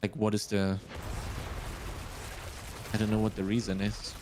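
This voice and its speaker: A man with a German accent talks casually on a live stream and reasons things through step by step as he speaks. His voice sits fairly low. A steady hiss of noise runs under the recording. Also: unhurried. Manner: thinks aloud, working things out step by step. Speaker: streamer and host.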